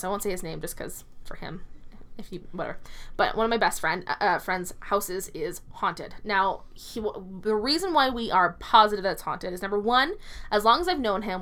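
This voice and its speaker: A woman's voice: medium pitch, fairly bright tone. A woman in her twenties telling personal stories in casual chat, quoting people and laughing often. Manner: chatty, quotes people often, laughs a lot. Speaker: podcast co-host.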